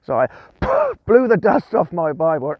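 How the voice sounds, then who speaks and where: A man preaching a relaxed devotional outdoors, his fairly high voice swinging up and down as he chats and chuckles through his story. The sound is dry and a little muffled. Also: measured pace, dry recording. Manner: chatty, chuckling, animated storytelling. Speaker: guest preacher. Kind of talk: informal devotional talk. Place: outdoors in the countryside.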